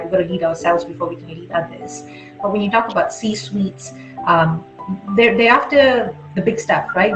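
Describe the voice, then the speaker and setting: A woman with an Australian accent giving blunt, energetic advice as an interview guest, often restarting her sentences. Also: fairly low pitch. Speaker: guest speaker. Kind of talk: conversational interview. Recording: muffled roomy sound with music.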